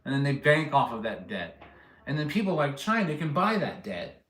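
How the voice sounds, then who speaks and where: A man's voice: mid-range voice, sing-song, normal speed, fairly bright tone, reverberant. A man hosting a casual livestream, rambling and joking with viewers and laughing at his own stories. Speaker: livestream host chatting with viewers. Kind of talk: casual rambling live chat.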